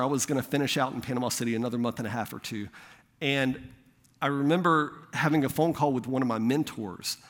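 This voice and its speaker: A young adult man, a pastor, telling a personal story in a sermon in a conversational way, acting out the voices of the people he quotes. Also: mid-range voice. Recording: long hall reverb.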